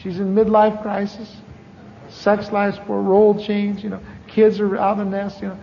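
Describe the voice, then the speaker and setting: A fairly high-pitched man preaching his personal testimony, the sound ringing out in a large hall. He speaks conversationally and stumbles into restarts as he goes. The old recording is dull and lo-fi. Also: monotone, creaky, mellow, slight background noise. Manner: conversational storytelling with halting restarts. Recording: echoey hall, dull lo-fi tape.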